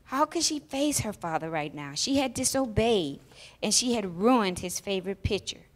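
During a church service, a woman reads a children's story aloud, telling it in an expressive, emotional way. Her voice sits in the mid range, and she speaks at a normal speed.

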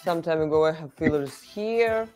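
Woman, interview subject; frank and halting over faint music. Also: low voice, mellow. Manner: frank, halting, with many pauses. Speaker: interviewee in a documentary clip. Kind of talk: candid interview.

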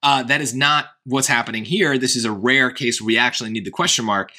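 A man's voice: mid-range voice, steady tone, brisk, bright, forceful tone. A man tutoring test prep, talking through a grammar question in a chatty way, thinking aloud with fillers. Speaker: SAT tutor. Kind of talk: casual tutoring walkthrough.

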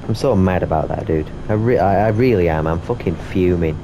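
A man doing horror game commentary, swearing a lot and sounding exasperated and excitable. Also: deep voice, a little fast, muffled recording, slight background noise. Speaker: gaming YouTuber.

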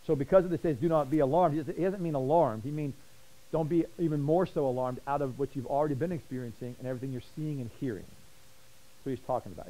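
A man teaching a Bible study, fast and passionate, often repeating words as he gets excited. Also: mid-range voice, low-quality recording.

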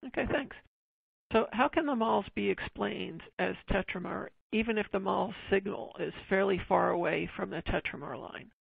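A webinar moderator reading audience questions in a brisk, plain way. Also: mid-range voice, creaky, slightly rough, no echo. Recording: tinny phone-like line, dry.

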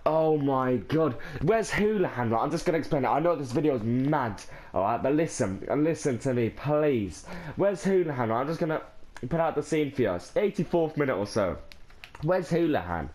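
A man's voice: medium pitch, lively intonation, fairly quick, a little mellow. A young Irish man in his teens talking to camera in a casual vlog, overwhelmed and rambling, with restarts and sighs. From Ireland. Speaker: gaming vlogger.

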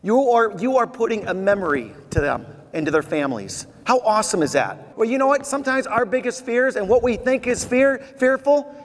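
A middle-aged man giving a motivational keynote speech, telling stories with animated energy and drawing call-and-response from the audience. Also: extremely high pitch, fairly quick. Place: large convention hall. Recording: echoey convention hall, faint noise.

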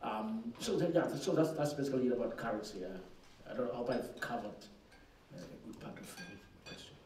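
A man's voice: medium pitch, animated, brisk, darkish tone. Minister guy answering questions, blunt, lots of restarts, mic far off in a roomy hall with faint hiss. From Zimbabwe. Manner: frank and emphatic, with many restarts and repeated words. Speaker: finance minister. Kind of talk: answering questions at an investor forum. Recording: echoey conference room, distant mic, faint noise.

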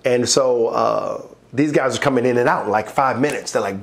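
A man preaching a sermon as pastor, telling his own story with lively acted-out voices and frequent laughter, building to rousing praise. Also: mid-range voice, normal speed, gravelly. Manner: animated, acts out voices in his stories, laughs often. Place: church online worship service.

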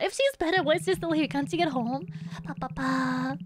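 High, playful young woman streamer. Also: fairly quick, soft background music. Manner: playful, giggly, hums little nonsense syllables. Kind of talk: casual live game-stream chat.

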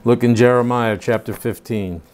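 A man's voice: medium pitch, fairly even intonation, normal speed, darkish tone, slight background noise. An older man teaching a home Bible study, reading scripture aloud and then explaining it in plain, casual asides.

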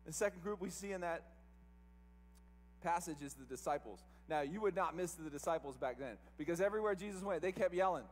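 A man preaching a sermon as pastor, animated, acting out quoted voices to tell the story. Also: on the high side, brisk, long reverb tail, a little hiss or hum. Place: church sanctuary.

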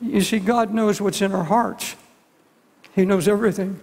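A man's voice: high voice, steady tone, moderate pace, darkish tone. A man in his seventies preaching a sermon as pastor, earnest and pleading, often repeating his words. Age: 70s. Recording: long hall reverb.

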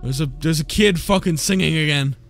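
A gaming streamer with a fairly high, slightly bright, creaky voice talks briskly through a horror video game, faint music behind him. His let's play commentary is casual, full of jokes and swearing, and he reads lines aloud.

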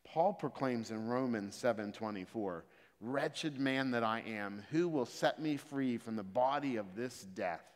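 A man preaching a sermon, moving from calm explanation of scripture to loud, emphatic exhortation. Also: mid-range voice, unhurried. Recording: reverberant hall.

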